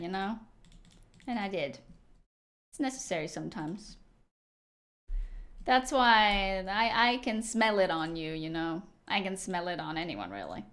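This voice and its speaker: A young woman live-streaming a game, chatting casually and teasing her viewers as she answers them. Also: lowish voice. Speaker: livestreamer.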